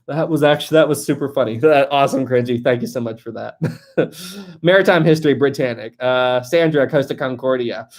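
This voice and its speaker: A live-stream host chatting casually, reading out viewer comments, joking and laughing a lot, and thinking out loud. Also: medium pitch, normal speed. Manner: thinks aloud, with many fillers and restarts.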